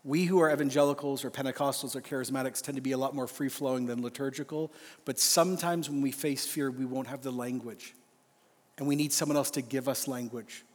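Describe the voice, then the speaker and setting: A man's voice: medium pitch, steady tone. A man preaching an earnest, emphatic sermon at a men's conference. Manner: earnest, emphatic, slows for a read-out prayer. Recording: live hall reverb, faint music.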